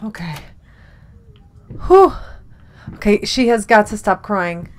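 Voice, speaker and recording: A woman's voice: mid-range voice, big pitch swings, slow. A young woman giving let's-play commentary on a horror game, swearing and breaking into frightened exclamations. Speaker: gamer playing a horror game.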